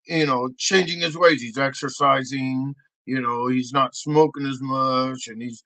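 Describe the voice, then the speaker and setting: A man's voice: medium pitch, fairly even intonation, unhurried, pushed and bright, no room sound, rough recording. A man doing a comedy sketch, answering in mumbled, stammering denials. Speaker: comedy creator.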